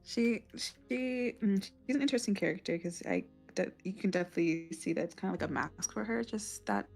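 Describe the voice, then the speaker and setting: A woman's voice: mid-range voice, expressive, fairly quick, creaky, darkish tone, soft background music. A woman voice actor chatting casually on a voice call, thoughtful and modest. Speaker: voice actor and narrator. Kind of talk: casual chat.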